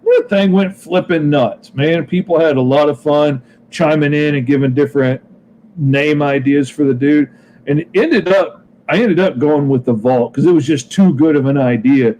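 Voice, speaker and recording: A man's voice: fairly high pitch, moderate pace, warm tone, dull audio, slight background noise. A man co-hosting a casual comics podcast, talking in an easygoing, enthusiastic way. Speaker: co-host, comic creator.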